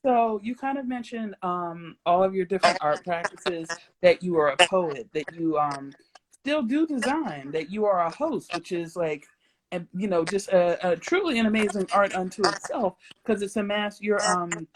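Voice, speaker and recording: A woman's voice: on the low side, lively intonation, moderate pace, noisy background. A young adult woman hosting a casual livestream interview, playful and rambling, breaking into giggles and silly sound effects. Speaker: host.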